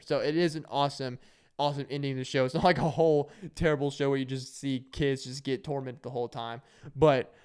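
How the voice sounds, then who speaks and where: Gadatliwy młody mężczyzna, gładki głos. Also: male voice, medium pitch, clean tone. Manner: rambling, jokey, acts out quotes in shouted voices. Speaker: vlogger. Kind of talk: casual storytelling monologue.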